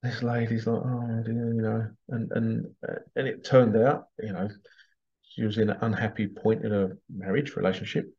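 A man's voice: lowish voice, little pitch movement, moderate pace, mellow, breathy edge. A man, a psychic medium hosting a casual monologue, chatty, laughing often and acting out the voices he quotes. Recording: dull lo-fi sound.

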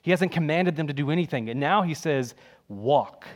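A man's voice: on the high side, quick pace. Emphatic conversational male preacher. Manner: emphatic, conversational, repeats key phrases. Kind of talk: sermon.

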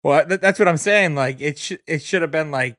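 A man's voice: on the high side, a little fast, fairly bright tone, no echo, clean studio sound. A man co-hosting a podcast in casual chat, laughing at his own jokes. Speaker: podcast co-host.

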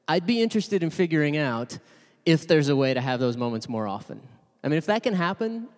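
A man in his thirties preaching a casual, conversational sermon, telling a family story with self-deprecating humor and lots of asides. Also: mid-range voice. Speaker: pastor. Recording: long hall reverb.

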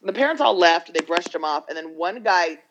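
A podcast co-host tells a story in a loose, rambling way, voicing everyone's lines and swearing freely. The voice sits at a middle pitch. The mic sounds dull and lo-fi. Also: lively intonation, a little fast, noisy background. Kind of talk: casual chat, retelling a documentary.

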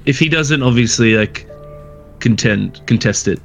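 A man's voice: mid-range voice, unhurried, gravelly, faint music behind. Hesitant man playing a tabletop game. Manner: hesitant, filler-heavy. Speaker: player. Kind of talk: tabletop role-play.

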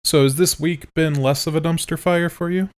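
A man's voice: fairly high pitch, fairly even intonation, moderate pace, a little mellow. A man co-hosting a podcast, chatting casually with a teasing, joking manner. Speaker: podcast co-host. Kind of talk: casual chat.

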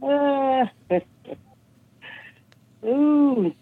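A woman with a high voice answers a prank call over a dull, muffled phone line. She brushes it off stubbornly and keeps repeating herself in a dismissive way. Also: animated, very slow.

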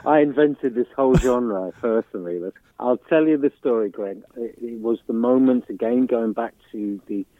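A man's voice: mid-range voice, moderate pace, hardly any pauses, dry recording. An older man, a musician guest, telling rambling anecdotes with restarts and chuckles in a casual interview. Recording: dry tinny phone-like line.

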